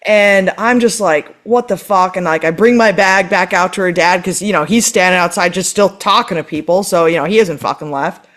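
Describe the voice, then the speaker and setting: A woman on a podcast telling a story in casual chat, animated and exasperated, swearing often. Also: on the low side, moderate pace, few pauses. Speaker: podcast co-host.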